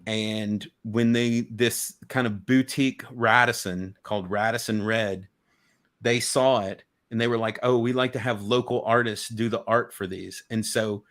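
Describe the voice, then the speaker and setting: A man with a somewhat low voice talks on a video call in an easygoing, rambling way. He keeps breaking off and restarting his sentences. He sounds eager as he speaks. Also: steady tone, a little slow, a bit bright. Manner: rambling, enthusiastic, many restarts. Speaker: guest collector. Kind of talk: casual chat.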